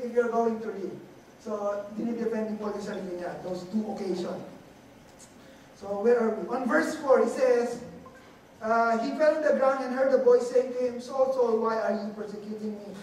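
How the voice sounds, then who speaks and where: A preacher with a Filipino accent, giving a halting sermon that mixes Tagalog into English and often repeats words. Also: medium pitch, a little mellow, a little hiss or hum. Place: church hall. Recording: echoey hall from far off, faint ambience.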